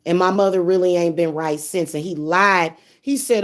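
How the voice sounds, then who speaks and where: A young woman with a somewhat low-pitched voice vents on camera in a heated, profane monologue. She curses freely and stumbles into repeated words as her temper flares. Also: fairly even intonation, moderate pace. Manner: heated, cursing, repeats herself when upset. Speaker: spiritual reader and vlogger. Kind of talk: angry, profane venting monologue.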